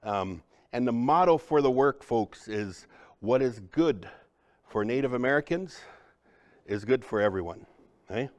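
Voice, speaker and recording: Baritone man leading a live workshop. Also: animated, a little slow, darkish tone. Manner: conversational, often checks in with the audience. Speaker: cultural trainer presenting to a group. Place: room with a live audience.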